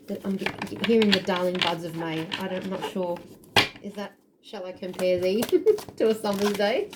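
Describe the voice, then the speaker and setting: A woman's voice: medium pitch, very noisy. A woman giving an intuitive tarot reading to camera, earnest and emotional, often searching aloud for the right word. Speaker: tarot reader.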